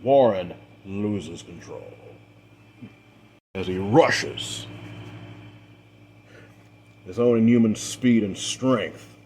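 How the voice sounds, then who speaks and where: A man acting as game master, narrating a tabletop role-play story in a measured, dramatic way with the odd filler. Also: lowish voice, darkish tone, a little hiss or hum.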